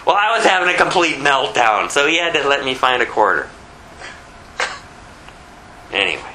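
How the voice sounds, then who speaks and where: Bright-voiced older man preaching informally. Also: mid-range voice, moderate pace, a little hiss or hum, poor audio. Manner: conversational, animated, with rhetorical questions. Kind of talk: informal sermon.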